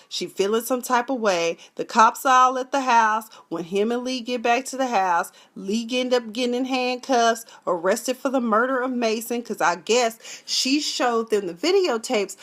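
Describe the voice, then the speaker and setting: A woman giving a sassy, animated casual review of a TV episode, full of slang. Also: mid-range voice. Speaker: TV recap vlogger.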